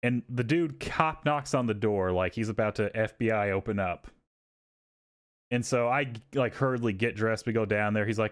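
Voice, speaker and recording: A man hosting a podcast, telling a story in casual, profane, animated chat and acting out what people said. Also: lowish voice, normal speed. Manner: animated, profane, acts out quotes. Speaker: podcast host.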